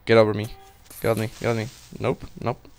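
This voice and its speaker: Excitable young man, smooth voice. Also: fairly low pitch, normal speed. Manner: excitable, swearing, talks to himself while playing. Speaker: gaming channel host. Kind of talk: casual gameplay commentary.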